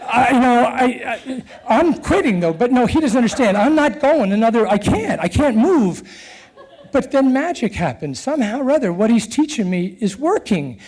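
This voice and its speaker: Middle-aged man, earnest storyteller; high pitch, warm mellow tone, animated. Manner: earnest and animated, with chuckles and halting restarts. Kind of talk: personal storytelling.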